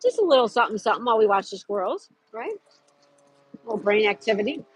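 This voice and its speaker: A woman's voice: medium pitch, very animated, brisk, a little hiss or hum. Chatty woman hosting a park livestream. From Florida. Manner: chatty, greets viewers by name, reads trivia aloud. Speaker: livestream host. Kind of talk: casual livestream chat. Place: outdoors in a park.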